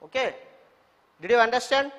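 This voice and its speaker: A man's voice: very high voice, animated, moderate pace, a bit bright. A man with an Indian English accent teaching a children's English lesson, repeating words and spelling them letter by letter. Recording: echoey room reverb.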